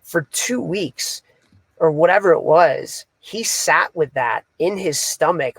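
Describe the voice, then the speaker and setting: A man's voice: a little high, animated, takes it slowly, vocal fry, fairly bright tone. A man who coaches hockey, co-hosting a podcast and telling a story in a casual, rambling way full of fillers. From Canada. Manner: casual, filler-heavy, retelling conversations.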